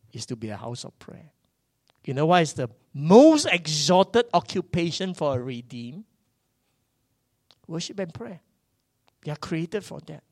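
A man, preaching a sermon that swings from loud bursts to hushed asides. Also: a little high, dry recording, studio quality. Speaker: pastor.

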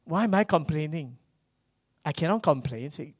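A man, preaching a sermon that swings from loud bursts to hushed asides. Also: on the high side, animated, moderate pace, long pauses, breathy edge, no room sound, studio quality. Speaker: pastor.

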